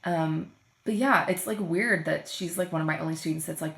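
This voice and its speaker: A young woman who teaches voice hosts her own podcast, chatting casually and solo about her students, packing her speech with "like" and "um". Her voice is low and creaky at a moderate pace, in an echoey room.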